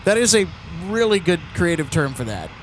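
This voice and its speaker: A man's voice: high-pitched, big pitch swings, normal speed, music in the background. A man from Minnesota hosting a casual live stream, chatting and reading viewer comments aloud. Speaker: livestream host.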